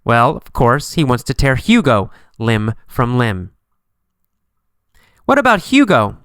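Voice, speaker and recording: A man teaching an English lesson, asking simple questions and answering them himself, slowly and with a lot of repetition. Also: medium pitch, huge pitch swings, fairly bright tone, clear, resonant tone, no echo, clean studio sound.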